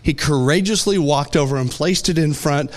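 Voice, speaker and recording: A man preaching a sermon, telling stories with animated delivery and acting out voices. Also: a little high, moderate pace. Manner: animated storytelling, acts out voices. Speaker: pastor.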